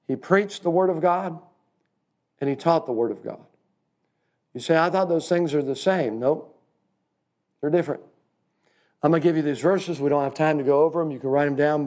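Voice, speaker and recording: A man's voice: a little high, darkish tone. A man teaching a church class in a sermon style, folksy and emphatic, calling his listeners friend.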